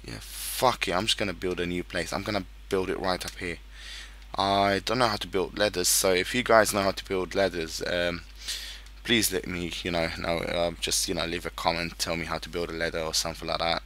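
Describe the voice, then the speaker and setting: Male gaming YouTuber, low and forceful voice, casual and profane commentary. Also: flat delivery, a little fast, a little hiss or hum. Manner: swears a lot, frustrated outbursts.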